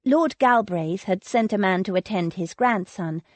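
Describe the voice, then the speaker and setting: A woman narrating a romance audiobook in a measured, emotional read. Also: mid-range voice, no room sound. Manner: slow and measured, voicing characters with emotion. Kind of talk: scripted narration of a romance novel.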